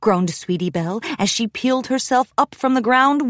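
A woman reading a children's audiobook aloud in a lively, expressive storytelling manner, recorded close in a studio. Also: a little high, normal speed, no room sound. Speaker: audiobook narrator. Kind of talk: scripted children's audiobook narration. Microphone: close studio mic, dry.

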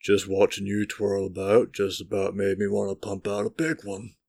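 A man voicing a crude, lusty male horse with a slow, lecherous drawl in a comic storybook. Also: fairly low pitch, flat delivery, vocal fry, a little mellow, no echo. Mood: leering.

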